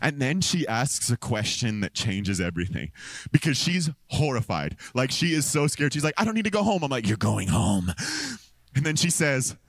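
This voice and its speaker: An American man, a pastor, preaching a sermon into a stage microphone in a church, telling a personal story with lively acted-out quotes and frequent laughter. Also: medium pitch, brisk, no echo. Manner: animated storytelling, acts out quotes, laughs often.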